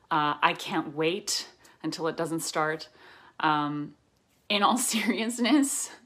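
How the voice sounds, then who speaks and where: Woman, Canadian accent, low-pitched, playful and affectionate, casual video greeting. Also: a bit bright. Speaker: actress sending a fan greeting.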